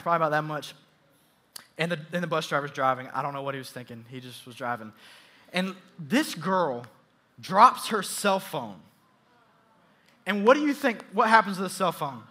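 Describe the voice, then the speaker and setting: A man preaching a sermon, telling a story in an animated, playful way with soft asides. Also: on the high side. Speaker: youth pastor.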